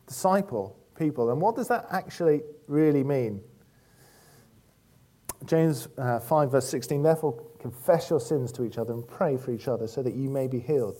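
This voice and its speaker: A man giving a relaxed, conversational church talk, full of anecdotes and fillers. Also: medium pitch. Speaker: church speaker.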